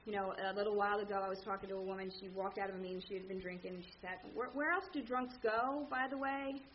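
A woman telling her recovery story to a meeting, candid and animated, acting out the people in it. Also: mid-range voice, quick pace, lo-fi sound, a little hiss or hum. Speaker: speaker sharing at a recovery meeting. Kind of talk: personal story told to a meeting.

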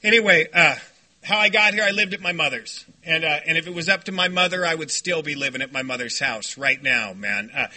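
A man speaking to a recovery meeting, telling stories in an animated, joking way and shouting when he acts out what others said. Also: sits high. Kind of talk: storytelling talk to a meeting. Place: meeting room before a group.

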